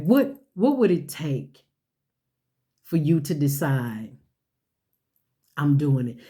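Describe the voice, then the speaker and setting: A woman's voice: low-pitched, mellow. A woman giving a motivational sermon-style talk, building on repeated rhetorical questions and folksy phrasing. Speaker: speaker.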